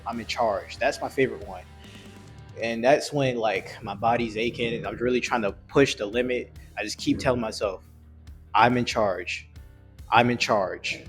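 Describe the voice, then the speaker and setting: A man giving a blunt, earnest motivational talk about self-discipline and weight loss, with frequent restarts, over soft music. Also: mid-range voice. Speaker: fitness vlogger. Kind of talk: motivational monologue.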